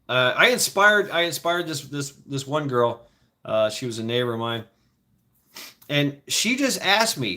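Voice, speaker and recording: A man's voice: mid-range voice, bright, forceful tone, slight background noise. Rambling, profane storytelling man. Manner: profane, rambling, frequent restarts and laughs. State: foot injured, limping.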